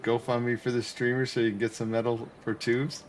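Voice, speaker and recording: In casual gaming commentary from his Canadian apartment, a male streamer talks to his chat and cracks jokes as he plays. His mid-range voice holds a level tone at a slightly fast clip, over soft background music.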